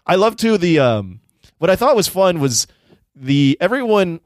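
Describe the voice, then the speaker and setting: A man's voice: sits high, big pitch swings, unhurried, dry recording, clean studio sound. A man on a podcast chatting casually about a movie, thinking aloud and often restarting his sentences. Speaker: podcast co-host. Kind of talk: casual movie review chat.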